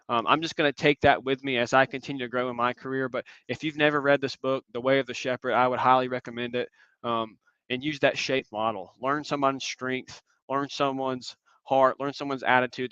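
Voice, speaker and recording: An earnest young man gives a reflective conference talk, dotted with ums. His voice is bright and smooth. The audio is dry and a bit dull, like a video call. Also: mid-range voice, no room sound. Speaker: guest speaker.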